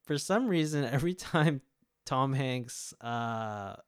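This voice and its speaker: A man's voice: medium pitch, lively intonation, takes it slowly, smooth, no echo, clean studio sound. A man co-hosting a music podcast in casual chat, rambling with many fillers and self-interrupting asides. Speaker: podcast co-host.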